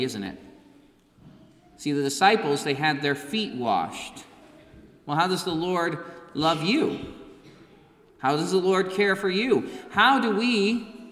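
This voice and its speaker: A man's voice: fairly high pitch, a bit bright. A man preaching an earnest sermon as pastor, stressing his points through repetition in a church. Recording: echoey church with long reverb.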